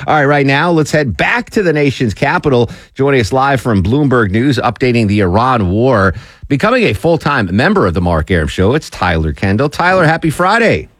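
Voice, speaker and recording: A man's voice: medium pitch, sing-song, fairly quick, over music. A man hosting a morning talk radio show, bantering with a co-host and reading promos with emphasis. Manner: chatty, jokey, reads promos with emphasis. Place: radio studio.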